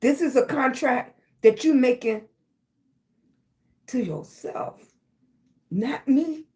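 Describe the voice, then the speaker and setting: A middle-aged woman hosts a motivational livestream. She talks slowly and pushes each affirmation again and again, calling her viewers baby. Her voice sits a little high. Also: warm tone. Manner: emphatic, repetitive affirmations, calls viewers baby. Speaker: livestream host.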